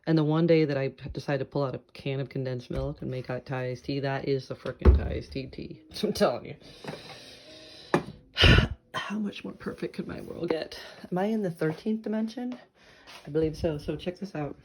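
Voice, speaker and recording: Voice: medium pitch, brisk, few pauses. A vlogger chatting casually to camera in a home kitchen, playful and rambling, full of quirky wordplay. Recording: loud background noise.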